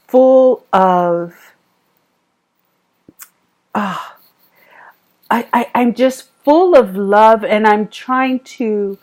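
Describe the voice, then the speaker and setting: A woman's voice: mid-range voice, a little mellow. A woman giving a heartfelt spiritual tarot reading, talking about love and sacred places. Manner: slow, heartfelt and emotional. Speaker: tarot reader.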